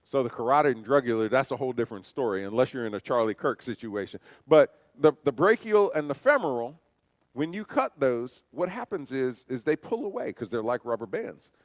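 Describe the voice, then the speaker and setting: Guy giving a church safety training, chatty, asks lots of questions, mid pitch, long hall reverb but dry close up. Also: sing-song, a little fast. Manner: conversational, fires off rhetorical questions; tells personal stories. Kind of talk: safety training talk to a congregation.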